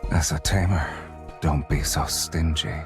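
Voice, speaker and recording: A very deep, unhurried male voice plays a teasing hunter heartthrob in a romance game. He drawls every line as a slow, seductive taunt, with music running behind him. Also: steady tone. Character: teasing wild-hunter game love interest, man.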